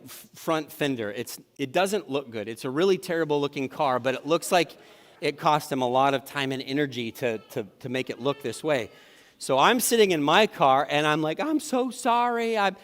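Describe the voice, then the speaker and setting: Man preaching a conversational sermon. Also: medium pitch. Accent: Upper Midwest American. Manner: storytelling, conversational and self-deprecating. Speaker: pastor. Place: church sanctuary. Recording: live church sermon with hall reverb.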